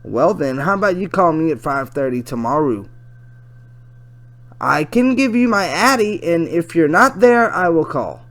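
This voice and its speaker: A reader voicing a smooth-talking adult man in a chat log, in a lowered, flat voice. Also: a little slow. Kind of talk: dramatic reading of a chat log.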